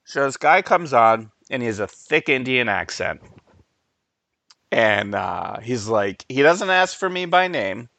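Animated, lively man telling a story. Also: mid-range voice, unhurried, creaky, no room sound. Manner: animated storyteller, laughs often. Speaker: podcast co-host. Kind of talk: casual chat.

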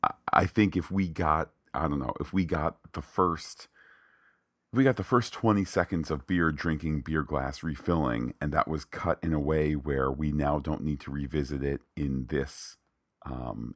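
A man with an extremely deep voice co-hosts a casual film podcast, talking with strong opinions and playful asides. He is recorded close and dry, with no room sound at all. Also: fairly bright tone, no echo. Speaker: podcast co-host.

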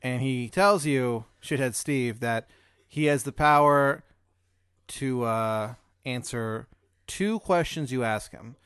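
A man of middle pitch lays out an absurd hypothetical for his guest, step by step and deadpan. His voice sits close and dry on the mic, with no room sound. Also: slow, smooth, no room sound. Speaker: podcast host posing hypotheticals. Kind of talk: casual comedic storytelling.

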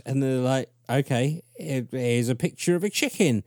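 A podcast guest talks about alien abductions in casual chat, telling an animated story full of laughter and acted-out quoted voices. His voice is medium-pitched at a moderate pace with hardly any pauses, recorded cleanly in a studio with no echo.

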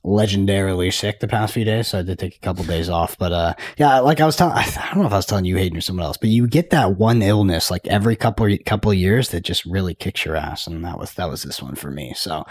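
A man co-hosting a casual podcast, relaxed and rambling. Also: deep voice, fast, hardly any pauses, dry recording. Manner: relaxed, rambling, laughs easily. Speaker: podcast co-host.

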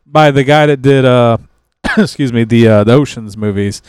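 In a casual podcast chat with friends, this male co-host rambles loosely and easily, restarting often and letting sentences trail off. He speaks at a moderate pace in a mid-range, clean voice on a dry recording.

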